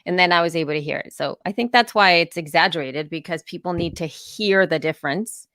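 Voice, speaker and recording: A woman co-hosting a podcast, talking in animated, storytelling casual chat. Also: on the low side, brisk, no room sound, clean studio sound. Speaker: podcast co-host.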